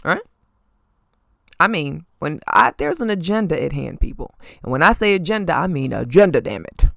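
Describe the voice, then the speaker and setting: A sassy woman rattles off celebrity gossip as a podcast host, leaning on pointed "okay?" asides. Her voice sits a little low with a gravelly edge. Her pitch swings widely, and the recording is dry and close. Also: sing-song, normal speed, a bit bright, no echo. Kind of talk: casual celebrity gossip commentary.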